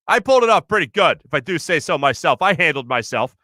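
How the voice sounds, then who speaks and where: A man's voice: fairly high pitch, big pitch swings, fast talker, sharp tone, dry recording, clean studio sound. A man in his thirties hosting a sports show, chatting loosely, laughing often and telling rambling stories. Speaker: sports radio host. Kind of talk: casual chat reading viewer comments. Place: studio.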